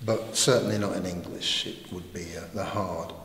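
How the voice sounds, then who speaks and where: A man co-presenting a pronunciation lesson, comparing sounds in a measured way and listing example words. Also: low voice, steady tone, a bit bright. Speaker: English-speaking co-presenter. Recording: echoey hall, faint background noise.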